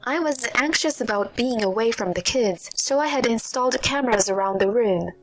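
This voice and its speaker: A woman with a slightly high voice narrates a dramatic personal story in a steady, scripted way. Faint background music plays under her reading. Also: moderate pace, poor audio.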